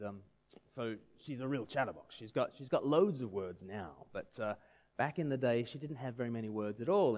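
Medium in pitch with a darkish tone, this man in his thirties delivers a conversational sermon, asking his audience questions.

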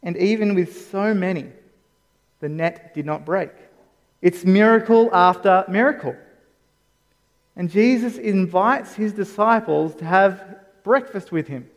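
A man with a high voice gives a relaxed, conversational sermon and keeps turning to his listeners with questions. The long reverb of a church hall trails behind every phrase. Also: unhurried. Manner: conversational, asks the congregation questions. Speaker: preacher.

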